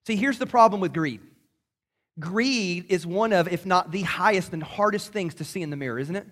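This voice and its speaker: A man preaching a sermon to a congregation, lively and conversational, acting out little voices as he tells the story. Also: high-pitched, moderate pace. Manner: animated, acts out voices in quotes. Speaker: pastor.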